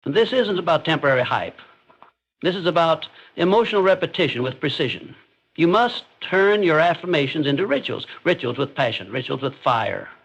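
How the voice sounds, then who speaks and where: A man delivers scripted motivational narration, each line landing with firm emphasis. His voice sits a little on the high side. The tone stays intense and declarative throughout. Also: animated, a little fast, gravelly, fairly bright tone, breathy edge, muffled recording.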